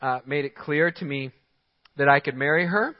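A pastor with a fairly high voice and moderate pace preaches emphatically, giving short commands and chuckling at his own points. The sound is dull, in a large hall with long reverb.

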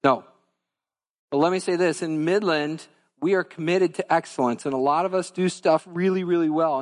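A fairly high-voiced man preaching as pastor, earnest and conversational as he speaks straight to the congregation. His voice carries a long reverb from a church sanctuary. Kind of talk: sermon.

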